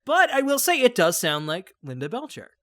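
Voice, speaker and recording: Animated male guest, bright and lively, quick to laugh. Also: high voice, dry recording, studio quality. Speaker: guest prompt-giver. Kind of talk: casual chat.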